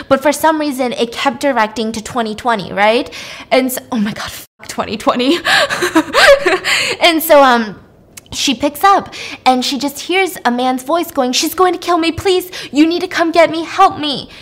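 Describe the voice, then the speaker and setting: A woman podcast host recapping a film plot in a casual, animated way, acting out the characters as she goes. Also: high-pitched.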